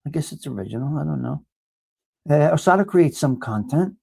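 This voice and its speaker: A man hosts a casual livestream and chats loosely with his viewers. His voice sits a bit high for a man, and he jokes with them in mob-style banter, swearing freely. The recording is close and dry. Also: animated, fairly quick, gravelly, a little mellow, husky, no echo. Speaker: livestream host. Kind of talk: casual livestream chat, reading viewer comments.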